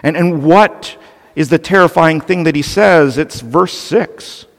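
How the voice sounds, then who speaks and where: A man's voice: fairly high pitch, a little slow. A male pastor preaching a sermon earnestly and with animation, turning to the children with playful asides. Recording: long reverb of a large hall.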